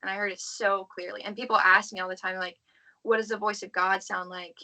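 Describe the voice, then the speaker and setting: Bright-voiced earnest young woman. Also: mid-range voice, little pitch movement, fairly quick, rough recording. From southern United States. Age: young adult. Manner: earnest, heartfelt, frequent "like" fillers. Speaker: podcast guest. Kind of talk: personal faith testimony, casual.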